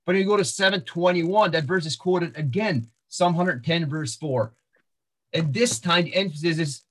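Male preacher with a fairly high voice, teaching verse by verse, loose and halting. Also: a bit bright. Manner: walks through verses, repeats words and restarts, frequent fillers. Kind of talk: sermon-style Bible teaching.

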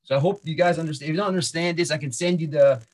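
A man's voice: a little high, rapid-fire, a little mellow. A man preaching a sermon, walking through Bible verses with many restarts and fillers. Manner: walks through verses, repeats words and restarts, frequent fillers. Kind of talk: sermon-style Bible teaching.

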